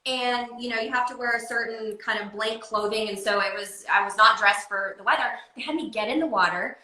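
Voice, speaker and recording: A woman recounts a story in a bright, fairly high voice, modest about her own role. An echoey room surrounds her. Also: a little fast. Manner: storytelling, downplaying herself. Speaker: guest influencer. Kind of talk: casual chat.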